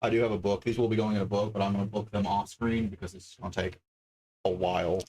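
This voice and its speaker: A man's voice: on the low side, little pitch movement, fast talker, darkish tone. A man livestreaming from his home desk, chatting casually and thinking aloud as he reads out card names one after another. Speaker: livestreamer opening card packs.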